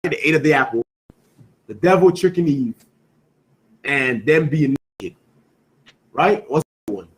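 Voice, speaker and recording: A man's voice: a little high, expressive, a little slow, long pauses, poor audio. Emphatic man quizzing his Bible class. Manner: quizzing students with repeated questions, emphatic; peppers talk with "you know what I'm saying". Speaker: scripture class teacher. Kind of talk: call-and-response Bible class.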